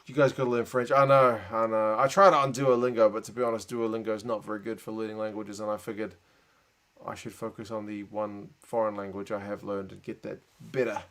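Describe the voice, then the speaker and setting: A man with a New Zealand accent hosting a late-night live reaction stream. He mutters asides and answers chat comments in a relaxed, tired way. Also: fairly low pitch, a little fast. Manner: relaxed, muttered asides and chatty replies to viewers.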